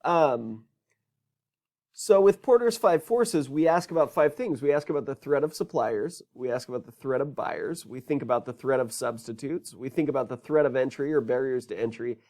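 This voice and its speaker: A man's voice: medium pitch, normal speed, a little mellow. A man teaching a business course in a recorded lecture, talking conversationally and asking rhetorical questions.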